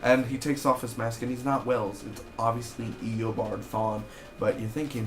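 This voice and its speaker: A young man casually recapping and reviewing a TV episode in an excitable, chatty way, peppering his talk with "basically" and "man.". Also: lowish voice, moderate pace, music in the background. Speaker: TV show reviewer. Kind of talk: casual spoiler review vlog.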